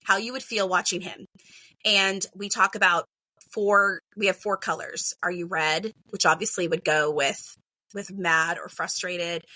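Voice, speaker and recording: A woman's voice: medium pitch, no room sound. A middle-aged woman, a kindergarten teacher, talking casually and animatedly as a podcast guest, with a lot of "like" in her speech. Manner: chatty, animated, heavy use of "like".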